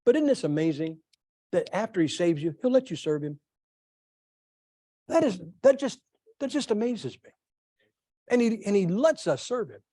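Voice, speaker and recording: A middle-aged male pastor preaching a sermon, telling folksy stories with lively asides to his congregation. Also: sits high, normal speed, long pauses, dry recording, clean studio sound. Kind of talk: sermon with storytelling.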